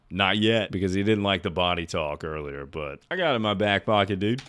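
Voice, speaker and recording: Man riffing with loud excited outbursts. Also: low voice, brisk, hardly any pauses, faint music behind. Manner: bursts into loud excited yelling; wry, joking asides. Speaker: streamer. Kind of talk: casual comedic commentary.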